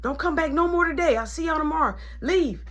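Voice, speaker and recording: A man's voice: very high-pitched, a little fast, a bit bright, pitched above the performer's own voice. A young man voicing a bossy security guard ordering people to leave. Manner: barking orders.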